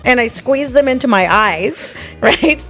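A middle-aged woman co-hosting a casual podcast chat, telling stories with loud acted-out quotes, big laughs and lots of swearing. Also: on the high side, lively intonation, measured pace, faint music behind. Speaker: podcast co-host. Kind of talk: casual chat, animated storytelling.

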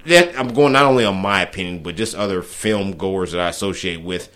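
A man's voice: sits low, a little fast, fairly bright tone. A man co-hosting a casual podcast, talking with emphatic, knowledgeable opinions. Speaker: podcast co-host. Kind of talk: casual chat.

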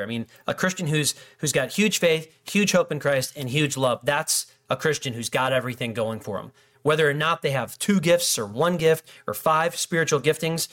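A middle-aged male pastor delivers a conversational sermon in a casual style, cracking jokes and acting out little dialogues between people. His voice sits in the mid range and is a bit bright.

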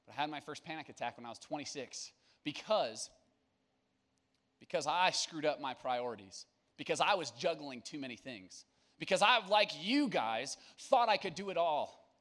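A young male pastor with a bright, ringing voice pitched a little high, talking to a youth group in church. He mixes jokes with earnest advice, keeping it loose and conversational. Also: normal speed. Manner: casual, joking and energetic, then earnest. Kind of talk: sermon to young people.

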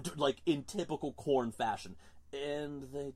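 A man's voice: medium pitch, a little slow. A man co-hosting a casual podcast, ranting in an exasperated, emphatic way. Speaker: podcast co-host.

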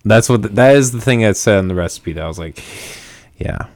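Low-voiced joking male podcast host. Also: expressive, fast, darkish tone, dry recording. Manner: jokey, self-mocking, laughs often. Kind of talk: casual chat.

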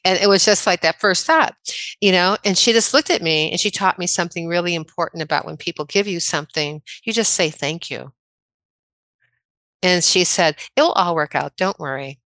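A woman in her sixties from the American Midwest, a chiropractor telling personal stories in a casual interview, chatty and quick to laugh. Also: fairly low pitch, bright, forceful tone, no echo. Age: 60s. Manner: chatty, anecdotal, laughs often. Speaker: podcast guest, chiropractor.

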